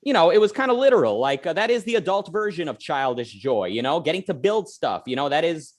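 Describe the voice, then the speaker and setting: A man hosting a casual online panel show, talking in a lively way with plenty of fillers. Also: a little high, brisk. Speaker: show host.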